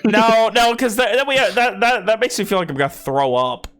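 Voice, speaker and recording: Casting: slightly high, animated male game master, playful and stammering. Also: normal speed, clear, resonant tone. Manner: playful, stammers and repeats words. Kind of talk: casual chat before a tabletop game.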